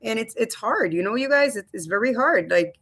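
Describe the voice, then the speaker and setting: A woman's voice: a little high, animated, fairly quick, a bit bright. A woman in her thirties or forties hosting a casual live stream from home on a webcam, chatty and loose, often calling her viewers "you guys.". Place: home room.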